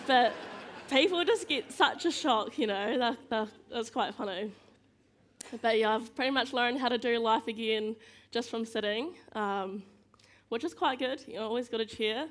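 A woman giving a casual, storytelling talk as a guest speaker. She tells self-mocking stories, laughs often and acts out other people's lines in quick voices. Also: a little high, a little hiss or hum.

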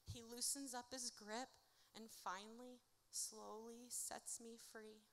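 A performing artist from Indiana, United States, does rhymed spoken word live on a theatre stage, telling her story bluntly with lots of swearing. Her voice is on the high side, slow, slightly bright, and flat in delivery.

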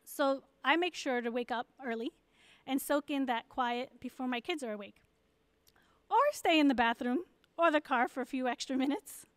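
A woman's voice: sits high, normal speed, clean tone, no echo. A pastor's wife giving a church message to mothers, candid and encouraging.

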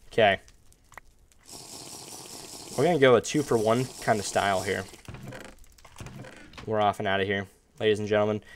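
A man hosting a gaming video, chatting casually and upbeat while he plays, with sudden loud outbursts and playful groans. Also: on the low side, slight background noise. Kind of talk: casual gameplay commentary.

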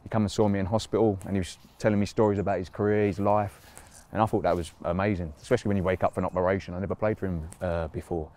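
Deep-voiced footballer reminiscing casually. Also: male voice, racing, hardly any pauses. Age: 30s. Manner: relaxed, rambling, with frequent fillers and laughs. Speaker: footballer being interviewed. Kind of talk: casual interview recollection.

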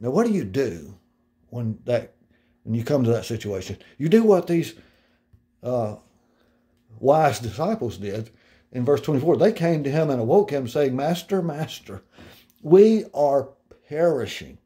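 A middle-aged male pastor delivers a sermon earnestly and conversationally, slowing to read scripture aloud and slipping in personal asides. His mid-range voice is warm and sing-song.

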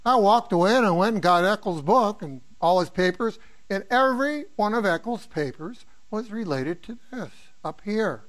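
High-voiced, rambling older professor. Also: male voice, animated, moderate pace, fairly bright tone. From American Midwest. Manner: rambling, anecdotal, asks students questions. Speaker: neuroanatomy professor. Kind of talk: informal exam review lecture.

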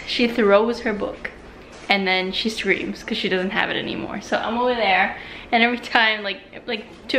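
A woman's voice: mid-range voice, a little hiss or hum. A young woman, a mother, talking casually in a home vlog and switching into sing-song baby talk for her infant. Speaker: vlogger, mother. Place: home kitchen indoors.

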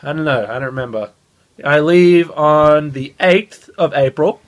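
A young man vlogging into a phone held at arm's length, excited and swearing a lot. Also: fairly high pitch, a little slow. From Australia. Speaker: gaming channel host. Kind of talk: casual vlog.

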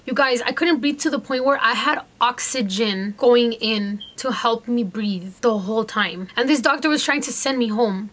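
A young adult woman vlogger telling a story in a chatty, animated way, talking straight to her viewers. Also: on the high side, moderate pace, hardly any pauses. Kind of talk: casual storytime.

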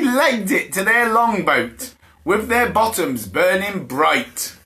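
A man reads a bedtime story to little ones over a live stream, taking a slow pace with a high, animated voice that sounds pushed and bright. Laughs and invented character voices keep it playful, and the audio comes from a phone or camera.

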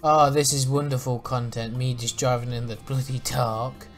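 A man's voice: medium pitch, level tone, normal speed, faint music behind. Swearing man playing a game. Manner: swears a lot, laughs and yelps in panic. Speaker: gaming YouTuber. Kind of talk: let's play commentary.

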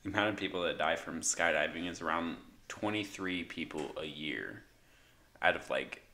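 A man's voice: low voice, bright, forceful tone, slight background noise. A young man co-hosting a casual podcast, talking hesitantly with fillers. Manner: slow, hesitant delivery with fillers. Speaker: podcast co-host. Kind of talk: casual chat.

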